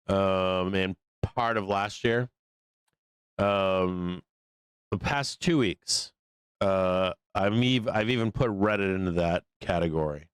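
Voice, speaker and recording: A man's voice: fairly low pitch, a bit bright, clear, resonant tone, dry recording. Profane, ranting male stream host. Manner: profane, ranting, frustrated, laughs often. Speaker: stock market show host. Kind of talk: casual live trading stream commentary.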